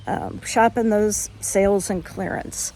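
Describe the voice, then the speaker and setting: A woman's voice: medium pitch, fairly even intonation, takes it slowly, mellow. An older woman chatting frankly in a casual home vlog, folksy, with frequent ums. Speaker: vlogger.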